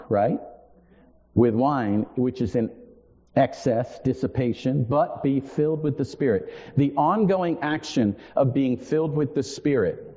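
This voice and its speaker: A pastor in his forties speaks a little slowly in a medium-pitched, dark-toned voice. His sermon is earnest, with key phrases repeated for emphasis and occasional self-deprecating comments, recorded dully in a hall with long reverb.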